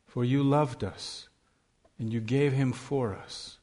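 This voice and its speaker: A man's voice: mid-range voice, steady tone, slow, a little mellow. Man declaiming scripture from the pulpit. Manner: raised, declaiming reading voice. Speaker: pastor. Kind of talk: emphatic scripture reading.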